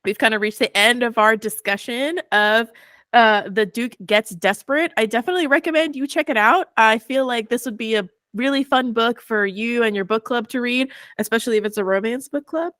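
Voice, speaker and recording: A woman hosting a book club podcast in casual, relaxed chat with plenty of fillers. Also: fairly high pitch, fairly quick, dry recording. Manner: relaxed, chatty, full of fillers. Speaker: podcast host.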